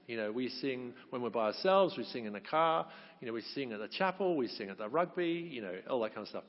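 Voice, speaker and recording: Encouraging Welsh choir leader in a hall. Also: male voice, mid-range voice, animated, fast talker. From Wales. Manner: chatty, encouraging, jokey. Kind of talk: leading a group sing-along. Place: large hall at a conference. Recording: echoey hall, dull sound.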